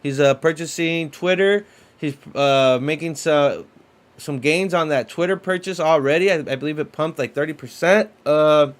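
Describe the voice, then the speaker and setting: A man hosting a casual livestream about crypto, excitable and repetitive, full of fillers like "you know" and "man". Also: on the high side, normal speed. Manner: excitable, repeats himself, lots of fillers. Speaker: crypto stream host.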